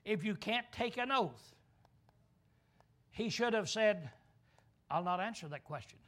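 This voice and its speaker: Slow, high-voiced male preacher. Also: animated, fairly bright tone. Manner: asks questions and answers them himself. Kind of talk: sermon.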